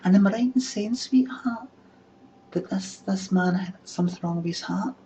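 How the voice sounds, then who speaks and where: A man voicing a soft, effeminate Scottish male psychic medium who gently coos at an elderly woman. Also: high voice, moderate pace, a little hiss or hum, voice pushed up. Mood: cooing. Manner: gentle, cooing. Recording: dull distant webcam audio.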